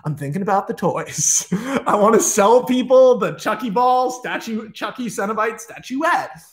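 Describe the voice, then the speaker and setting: A man retelling a film pitch in an excited, profane, animated way. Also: moderate pace.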